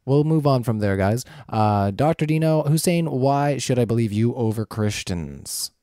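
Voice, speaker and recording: A male debate moderator with a dark, mellow voice keeps time and reads out viewer questions. His manner is friendly and brisk, and the sound is dry and close. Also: medium pitch, animated, no room sound. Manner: friendly, brisk timekeeping with fillers. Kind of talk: moderating a live-streamed debate.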